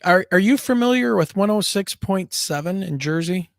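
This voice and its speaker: Higher-voiced man hosting a livestream. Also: animated, normal speed, gravelly, no room sound, clean studio sound. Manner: loose and searching, with fillers and restarts. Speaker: show host. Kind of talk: casual livestream interview.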